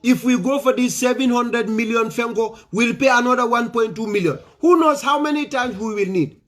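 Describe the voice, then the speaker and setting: A man's voice: extremely high pitch, moderate pace. A man with a Gambian accent, giving an impassioned political speech and pressing home rhetorical questions. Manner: forceful, repeats rhetorical questions. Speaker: political commentator.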